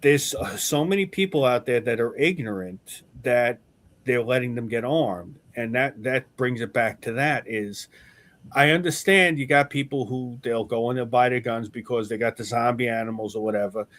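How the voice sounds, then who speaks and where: A man hosting a podcast in casual chat, telling an animated story with swearing, then arguing his point earnestly. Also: medium pitch, normal speed. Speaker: podcast host.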